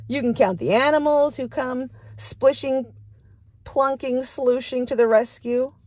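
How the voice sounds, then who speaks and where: A woman's voice: on the high side, a little mellow, no room sound. A middle-aged woman, a storytime librarian, demonstrating a picture-book read-aloud for young children and inviting them to call out sound words.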